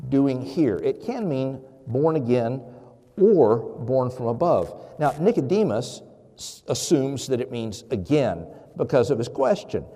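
A man's voice: mid-range voice, mellow, in a large hall. A man preaching a conversational sermon as pastor, with many fillers and restarts.

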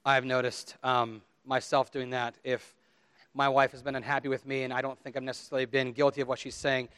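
A man's voice: medium pitch, flat delivery, a little fast, fairly bright tone, clean tone, dry recording. A middle-aged man, a pastor, preaching in a conversational way and acting out the inner voices of his listeners. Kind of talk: sermon.

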